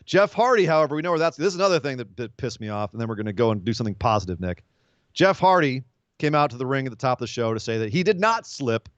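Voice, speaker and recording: A man co-hosting a wrestling podcast in casual chat, animated and sarcastic. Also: quick pace, no room sound, dull audio. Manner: animated, sarcastic, swings up in pitch when exasperated. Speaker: podcast co-host.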